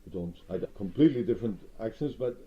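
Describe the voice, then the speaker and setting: A Gibraltarian man with a very low voice speaks in a measured, proud way, pausing on fillers. The recording sounds dull and muffled. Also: expressive, mellow, slight background noise. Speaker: interviewee. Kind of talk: reflective interview talk.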